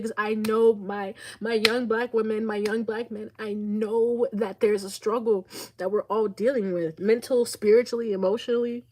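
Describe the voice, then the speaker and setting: A woman psychic reader giving a channeled spiritual reading. She is teary and emotional, and she talks in a heartfelt, rambling way with many fillers and restarts. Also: a little high.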